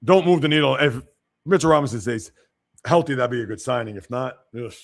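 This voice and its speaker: A man's voice: medium pitch, animated, a little fast, creaky. A male sports show host giving casual livestream commentary, reacting to viewer comments and getting blunt and emphatic when he criticizes.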